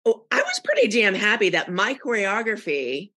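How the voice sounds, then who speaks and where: A woman's voice: mid-range voice, wildly swooping pitch, moderate pace, pushed and bright. A middle-aged woman co-hosting a podcast, chatting casually and hesitantly, often trailing off and restarting. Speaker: podcast co-host. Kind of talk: casual chat.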